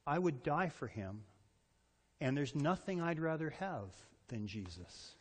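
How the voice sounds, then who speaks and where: A man's voice: a little high, very animated. Male pastor, sermon delivery with acted-out quotes; reverberant sanctuary. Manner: preaching with dramatic pauses and acted-out quotes.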